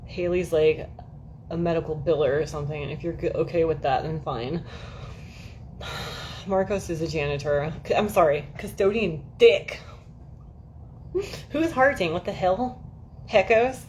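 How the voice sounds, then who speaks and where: This livestream host has a low-pitched, slightly mellow voice and talks at a moderate pace from her air-conditioned home. Her chat with viewers is casual and rambling, full of free swearing and frequent laughs at her own expense, over a little hiss or hum.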